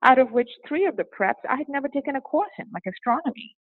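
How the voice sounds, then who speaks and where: A woman's voice: sits high, fast, dry recording. A woman from Singapore with a hybrid accent that carries a hint of British, talking animatedly as an interview guest and often laughing. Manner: animated, laughs often, breaks into acted quotes. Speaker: interview guest, former teacher. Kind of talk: casual interview conversation. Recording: tinny phone-like line, dry.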